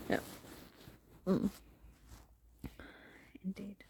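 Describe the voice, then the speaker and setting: A woman's voice: medium pitch, slow pace, vocal fry, pauses often, dark tone. A woman talking to camera in a rambling, self-reflective vlog monologue, laughing often. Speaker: vlogger.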